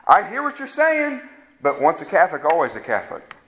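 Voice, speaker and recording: A man's voice: a little high, wildly swooping pitch, brisk, fairly bright tone. A man preaching a fervent sermon that rises to emphatic peaks. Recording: echoey room sound.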